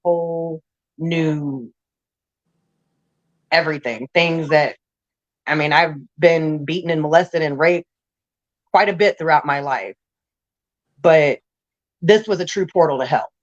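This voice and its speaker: A woman's voice: low-pitched, slow, long pauses, lo-fi sound. A woman telling her life story in a casual interview, blunt and raw, rambling with restarts.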